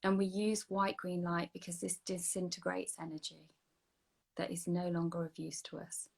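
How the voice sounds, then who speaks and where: A woman with a fairly low voice talks listeners through a guided meditation. She keeps a slow, soothing pace and now and then sinks into a hushed whisper. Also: flat delivery, creaky. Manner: slow, soothing guiding voice that drops to a soft whisper. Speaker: energy healing practitioner. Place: online video session.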